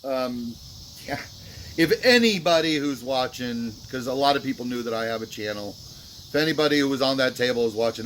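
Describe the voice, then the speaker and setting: A man talks straight to his viewers, rambling and full of ums, sounding sorry about what he did. His voice sits at a middle pitch. Faint crickets and insects chirp behind him. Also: lively intonation, a little fast, fairly bright tone, a little hiss or hum. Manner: remorseful, rambling, many fillers. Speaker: vlogger. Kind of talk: casual talk to camera.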